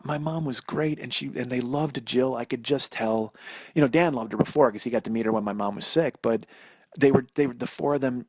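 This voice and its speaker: A man's voice: medium pitch, no room sound, studio quality. A man in his forties hosting a podcast, telling a personal story in a rambling, self-deprecating, profane way, recorded on a phone. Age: 40s. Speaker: podcast host. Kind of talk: solo storytelling monologue.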